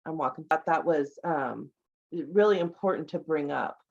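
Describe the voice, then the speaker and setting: A woman's voice: deep voice, a little slow, vocal fry, a little mellow. A woman hosting a casual podcast interview, rambling with many fillers and restarts. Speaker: podcast host. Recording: slightly dull lo-fi audio.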